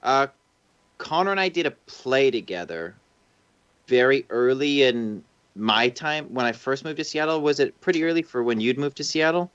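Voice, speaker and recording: Animated man chatting on a stream. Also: mid-range voice, moderate pace, clear, resonant tone. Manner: animated storyteller, swears casually. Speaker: show host. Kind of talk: casual livestream chat. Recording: dull lo-fi stream audio.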